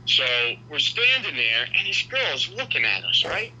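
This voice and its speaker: New man, husky, very forceful, animated profane storyteller, dull lo-fi recording. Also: on the high side, a little slow. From New York. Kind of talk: casual chat, storytelling.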